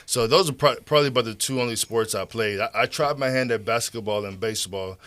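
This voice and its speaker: A man from Georgia with a Southern accent, a podcast guest telling stories about his life in a relaxed, rambling way full of fillers and restarts. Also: mid-range voice, fast. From Georgia, USA. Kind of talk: casual storytelling.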